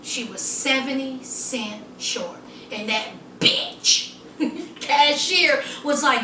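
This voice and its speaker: A woman chatting through a lively, sassy recap of a TV episode, full of asides to the viewer. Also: high voice, extremely slow, reverberant, distant mic, slight background noise. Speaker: TV episode reviewer.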